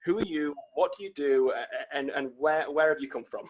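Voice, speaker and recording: A man's voice: on the high side, normal speed, husky, highs cut off. A man from England with a Northern English Manchester accent, hosting a casual interview podcast. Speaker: podcast host.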